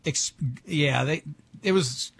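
A man's voice: on the high side, takes it slowly, vocal fry, fairly bright tone, a little hiss or hum. A man hosting a radio show, joking and rambling in casual studio banter with mock-grand asides.

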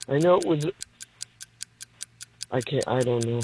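A woman's voice: extremely low pitch, unhurried, darkish tone, faint music behind, poor audio. Flustered New York woman caller. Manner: laughing, flustered. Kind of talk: phone-in call.

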